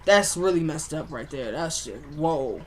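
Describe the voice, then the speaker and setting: A woman vlogger casually recaps a TV episode in slangy, conversational talk, animatedly acting out what the characters said like a storyteller. Her voice is low-pitched and unhurried, with slight background noise.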